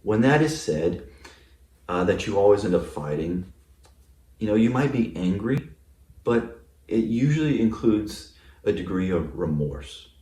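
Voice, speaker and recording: A male pastor delivers a relaxed, conversational sermon in a church sanctuary, packed with fillers and repeatedly asking the congregation "right?" His voice sits lowish with wide pitch swings, warm and unhurried, with frequent pauses. The mic is distant and the room echoes.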